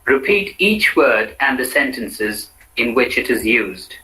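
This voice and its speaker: A man reading a pronunciation drill for a language lab, slowly and deliberately saying each word. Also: medium pitch, sing-song, bright, forceful tone, low-quality recording.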